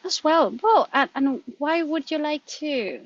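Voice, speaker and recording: Woman, Colombian accent, Spanish native speaker, animated interview chat, slightly high pitch, dull lo-fi sound. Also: a little slow. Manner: animated, laughs often, restarts words. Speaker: guest. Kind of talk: conversational interview.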